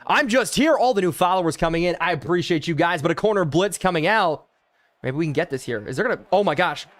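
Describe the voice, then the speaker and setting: A young man live-streaming a football video game, calling plays and thanking chat, excitable and loud on big plays. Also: on the high side, quick pace, no echo.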